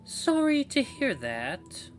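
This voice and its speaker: A man voicing a distorted, eerie female voice that speaks through a walkie in choppy, halting phrases. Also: very high voice, wildly swooping pitch, slight background noise, pitched above the performer's own voice, exaggerated voice. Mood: soft eerie.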